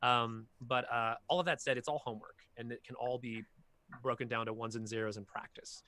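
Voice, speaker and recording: A man's voice: medium pitch, brisk. A man, a voice actor, talking casually and animatedly at an online workshop, telling long stories from his work. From half Filipino heritage. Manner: animated, talkative storyteller. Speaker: voice actor guest.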